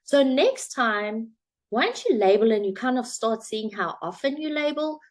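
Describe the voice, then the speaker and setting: A woman's voice: a little high, very animated, measured pace. A woman coach telling a parable and drawing a motivational lesson from it, in a chatty storytelling way with some fillers. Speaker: self-help coach.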